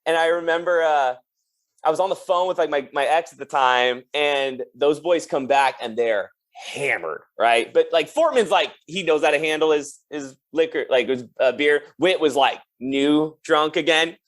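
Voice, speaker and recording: A young drummer appears as a guest on a casual podcast, his voice a little on the high side and his pace moderate. He tells laid-back, loose stories stuffed with "like," laughing as he acts out the people in them.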